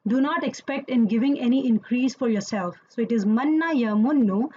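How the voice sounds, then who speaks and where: A woman with a slightly high, mellow voice speaks at a moderate pace, teaching Quranic Arabic grammar in an online lesson. She explains patiently and checks in with listeners as she goes. The audio is dull, with slight background noise.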